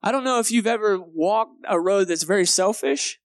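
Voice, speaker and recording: Male pastor, young, slight Texan accent, lively self-deprecating storyteller, a touch high-pitched, dry sound. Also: moderate pace, few pauses, no room sound. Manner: animated storyteller, acts out moments, laughs at himself. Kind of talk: sermon with personal story. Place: church sanctuary.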